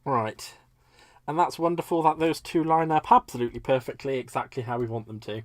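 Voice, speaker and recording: A man's voice: medium pitch, brisk, no echo, studio quality. A man from Britain hosting a live crafting stream, chatting casually and laughing at his own mistakes as he works. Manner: chatty, self-deprecating, laughs often. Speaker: crafting livestream host.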